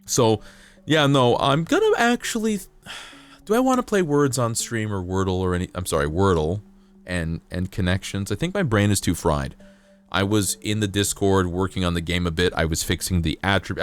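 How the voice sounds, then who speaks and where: A male streamer chatting casually with his viewers, rambling and playful, sometimes jumping into high silly voices. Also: moderate pace, clean tone. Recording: faint music behind.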